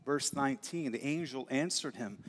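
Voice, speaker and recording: A man's voice: medium pitch, moderate pace. Earnest man preaching in a reverberant hall. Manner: conversational, earnest, animated asides. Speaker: pastor. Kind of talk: sermon. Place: church sanctuary.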